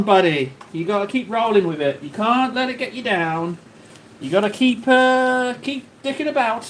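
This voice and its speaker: A man with a fairly high voice that swoops up and down, chatting to his live-stream viewers. He rambles, jokes and talks straight to the chat, and a faint hiss sits under his voice. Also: lively intonation, moderate pace, fairly bright tone. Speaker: livestream host.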